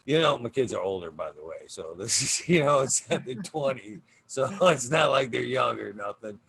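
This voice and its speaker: A laid-back man hosting a casual livestream chat, with a gravelly, fry-edged voice. He swears constantly and laughs his way through a rambling story. A faint hiss sits under the voice. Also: mid-range voice, expressive, moderate pace, hardly any pauses, fairly bright tone. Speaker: podcast host.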